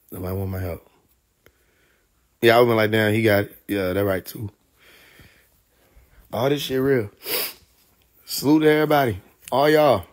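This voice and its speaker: A man from Atlanta, telling profane, animated stories on a live stream, laughing often. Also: medium pitch. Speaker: livestream host. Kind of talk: casual storytelling on a live stream.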